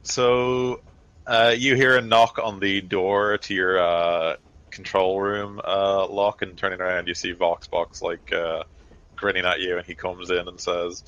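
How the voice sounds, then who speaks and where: Man, very deep voice, game master, rambling tabletop narration, lots of fillers. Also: level tone, unhurried, a bit bright, dry recording, low-quality recording.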